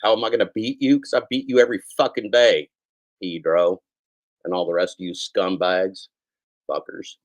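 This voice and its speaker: Here a middle-aged man with a low voice and little pitch movement talks at normal speed on his podcast. He riffs on the news in a crude, mocking, profane comedic way, his throat scratchy and his voice fatigued from daily episodes.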